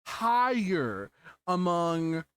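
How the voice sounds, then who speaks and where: A man's voice: high voice, very animated, extremely slow, fairly bright tone, clean tone, dry recording. A man hosting an interview chat, earnest and emphatic, repeating key words for weight. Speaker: host.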